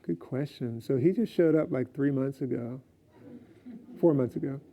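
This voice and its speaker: A man's voice: mid-range voice, normal speed, gravelly, mellow. A man speaking as a guest author, answering questions in a loose, rambling way with frequent laughs and fillers. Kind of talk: casual Q&A answers.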